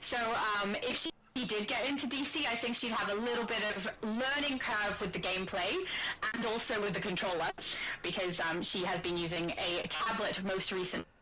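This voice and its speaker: A woman's voice: mid-range voice, fairly quick, background noise. A woman with an Australian accent chatting casually as a guest on a gaming livestream, laughing often between remarks, over a voice call. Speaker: guest streamer. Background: game music playing loudly.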